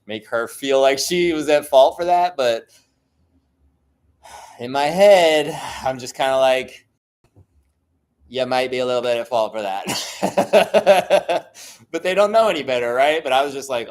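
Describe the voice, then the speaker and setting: A middle-aged man, a tattoo artist, telling stories in a rambling, profane solo monologue full of fillers. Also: mid-range voice.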